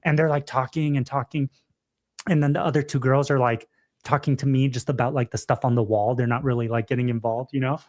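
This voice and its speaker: A young man co-hosting a podcast livestream, telling stories in an animated, casual way full of fillers and laughs. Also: medium pitch, a little fast. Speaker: podcast co-host.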